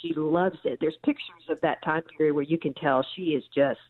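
A woman's voice: low voice, brisk. A woman author explaining history as a guest, telling stories with frequent ums. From central Missouri. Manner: thoughtful storyteller with frequent ums. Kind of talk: phone interview. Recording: tinny phone line.

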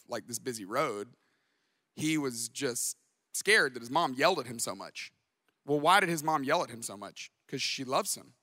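A man in his thirties preaching a sermon as pastor, conversational and jokey with quick asides. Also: on the high side, sharp tone, studio quality. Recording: long hall reverb.

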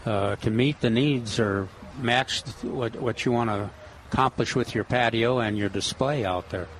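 A man's voice: mid-range voice, normal speed, a little hiss or hum, low-quality recording. A man co-hosting a garden radio show in a chatty, folksy manner. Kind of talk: casual radio chat.

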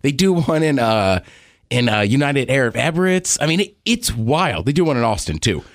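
A male podcast co-host chats casually and eagerly about sports and racing, enthusiastic and nerdy about the racing side. His medium-pitched voice is sing-song at a moderate pace, recorded with clean studio sound and no room echo.

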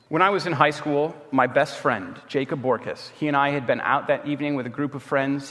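Male preacher, story-driven conversational sermon, slightly high voice, reverberant recording. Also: fairly bright tone. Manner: conversational storytelling, acting out quoted friends. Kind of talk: sermon with personal stories. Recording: long reverb.

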